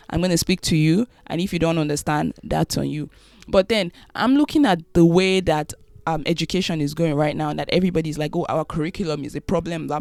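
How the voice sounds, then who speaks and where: A woman's voice: deep voice, darkish tone, no room sound. A Nigerian woman with a Nigerian accent, giving an emphatic opinion monologue and often repeating phrases.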